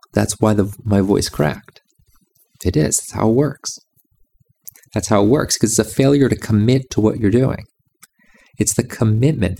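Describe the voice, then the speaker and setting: A man's voice: medium pitch, creaky, mellow. A man giving a reflective monologue about music and meditation, insistent and repeating his phrases.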